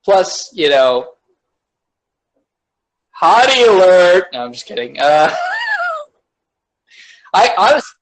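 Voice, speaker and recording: A young man co-hosting a podcast in a rambling casual chat, full of fillers and loud laughs. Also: high voice, huge pitch swings, slow, long pauses, rough recording. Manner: rambling, laughs loudly, lots of "like". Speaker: podcast co-host.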